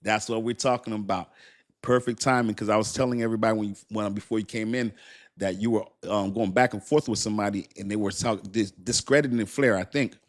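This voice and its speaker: A man's voice: fairly low pitch, steady tone, fairly quick. A man hosting a casual crypto live stream, chatty and repetitive, often thanking his viewers. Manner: chatty, repeats himself, thanks viewers warmly.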